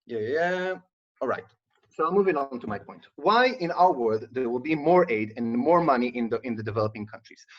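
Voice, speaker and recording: Husky man giving a debate speech online. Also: medium pitch, animated, brisk. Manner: argumentative, frequent fillers and restarts. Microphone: video call. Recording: dull lo-fi online call audio.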